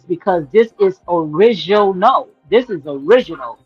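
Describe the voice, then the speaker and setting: A woman's voice: medium pitch, moderate pace, few pauses, slightly rough, no room sound. A sassy woman hosts a casual livestream straight into her phone. She is emphatic and says things over and over for effect. The sound is dry and a bit dull, with faint music underneath. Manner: sassy and emphatic, repeats phrases, says "honey". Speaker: livestream commentary host.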